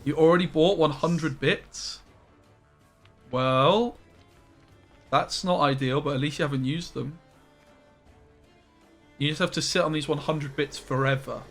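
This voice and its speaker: A young man streaming a card game, chatting excitably to his viewers and breaking into loud, surprised yelps. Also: on the high side, unhurried, long pauses, soft background music. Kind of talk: live-stream commentary.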